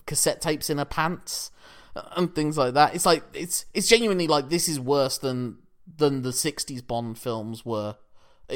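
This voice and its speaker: A man co-hosting a casual film podcast, rambling and analytical with frequent restarts. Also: medium pitch. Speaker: podcast co-host.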